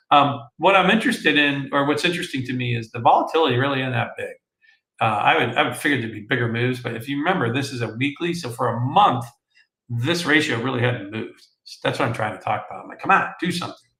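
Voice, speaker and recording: A man hosting a market show, talking through charts in a casual, animated way and calling his viewers folks. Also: medium pitch, echoey room, poor audio. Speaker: market analyst host.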